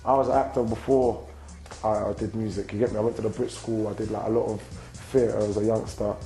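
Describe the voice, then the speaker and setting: A young man in his twenties with a London accent, a rapper and actor answering interview questions in a relaxed, slang-filled way and tagging sentences with "you get me". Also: lowish voice, brisk, faint music behind, rough recording. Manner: slang-heavy, constant "you get me" tags.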